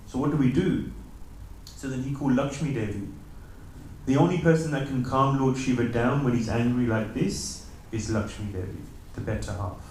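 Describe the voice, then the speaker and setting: Male temple lecturer, animated storyteller, recorded from afar in a very reverberant hall. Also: mid-range voice, normal speed, slight background noise. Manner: animated storyteller, acts out voices of characters. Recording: very echoey hall, mic at a distance.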